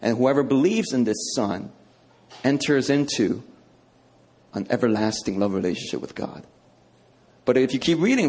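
A man's voice: mid-range voice, expressive, normal speed, pauses often, darkish tone. A male preacher teaching a sermon in a conversational, emphatic way, often checking in with "okay".

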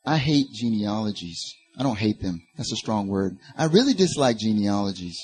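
Husky-voiced man preaching with rising passion. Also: on the low side, big pitch swings, moderate pace, darkish tone. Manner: impassioned, rising to emphatic peaks, with asides to the congregation. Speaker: pastor. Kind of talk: sermon.

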